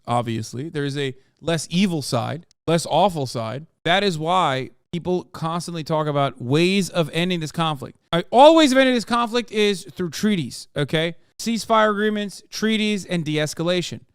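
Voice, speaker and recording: A man hosting a live stream, reacting to news clips with animated, profane and mocking commentary. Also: a little high, smooth, dry recording, clean studio sound.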